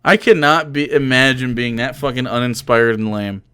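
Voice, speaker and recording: A man's voice: mid-range voice, moderate pace, bright, forceful tone, clear, resonant tone, dry recording. A young man giving sarcastic, profane live-stream commentary, mocking what he reads on a close desk mic.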